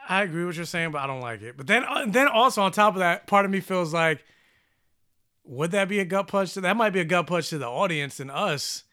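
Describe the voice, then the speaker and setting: Sarcastic young man with bright voice. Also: high-pitched, animated, brisk, clean tone. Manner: sarcastic, mocking, trails off. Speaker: podcast co-host. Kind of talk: casual chat.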